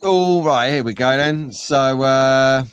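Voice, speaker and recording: A man's voice: mid-range voice, takes it slowly, smooth, no echo, highs cut off, faint music behind. A man hosting a live stream, chatting in a rambling, jokey way while reading out viewer comments. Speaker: host.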